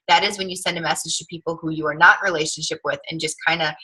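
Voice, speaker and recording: A woman's voice: deep voice, fairly even intonation, very fast, few pauses, sharp tone, slightly rough, poor audio. A young woman giving a casual training talk to new distributors, earnest and friendly, with many filler words.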